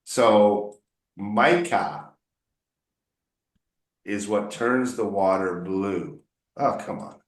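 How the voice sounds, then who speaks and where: A man's voice: lowish voice, slow pace. A man coaching English one on one, patiently explaining words and drilling pronunciation by repeating them. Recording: roomy echo.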